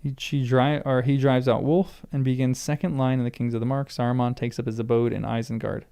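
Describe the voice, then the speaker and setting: Gravelly-voiced man reading aloud. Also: mid-range voice, little pitch movement, fairly quick, warm tone. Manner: stumbles over names, muses aloud. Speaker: first-time reader.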